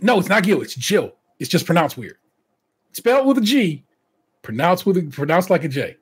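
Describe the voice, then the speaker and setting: A man's voice: high voice, very animated, normal speed, breathy edge. A man hosting a casual podcast, reading out contestant bios and breaking off for chatty asides and laughter. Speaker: podcast host.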